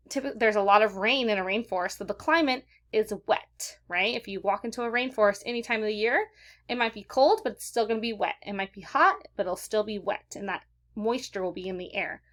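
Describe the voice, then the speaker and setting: Upbeat female teacher, slightly high pitch, clear and patient for a kids' lesson. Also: fairly bright tone. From California. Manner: upbeat, slows to stress key words. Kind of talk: recorded classroom lesson for kids.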